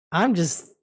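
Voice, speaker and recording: A man's voice: sits high, darkish tone, slightly rough. A man streaming live, chatting casually, swearing often, joking and breaking into mock foreign phrases. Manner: laughs often between lines. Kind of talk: casual livestream chat.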